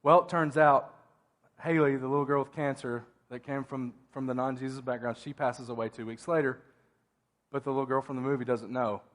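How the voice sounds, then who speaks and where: A man's voice: medium pitch, fairly even intonation, fairly quick, a bit bright. A male pastor preaching a sermon in a church, talking conversationally with asides and restarts.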